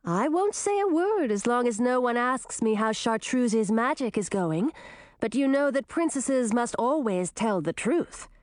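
A woman voicing a quick-witted young princess who teases her older sister. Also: a little high, sing-song, darkish tone, no echo, pitched above the performer's own voice. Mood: teasing. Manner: dry, teasing.

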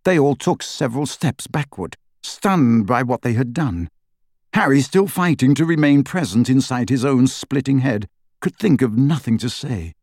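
A man's voice: mid-range voice, expressive, normal speed, a little mellow, no echo, clean studio sound. Man reading a fantasy audiobook dramatically. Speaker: audiobook narrator. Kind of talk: scripted fantasy narration.

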